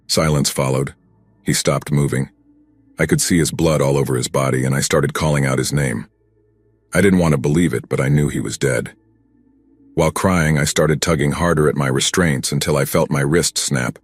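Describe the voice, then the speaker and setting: A man narrating a first-person horror story in a steady, grim, scripted telling. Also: rumbling low, normal speed, husky, dry recording.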